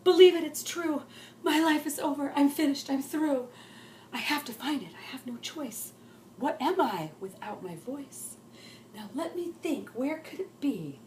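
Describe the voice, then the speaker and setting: Loud Lips Lucy, a woman doing her, a brash loud girl. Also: high voice, expressive, unhurried, slight background noise, voice pushed up. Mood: dismayed. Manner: shouting, dramatic, sassy. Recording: roomy echo.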